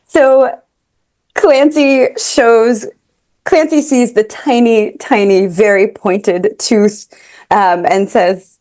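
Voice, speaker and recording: A woman's voice: on the high side, fairly even intonation, drawn-out words, a little mellow. A woman author improvising a story before an audience, chatty and digressive.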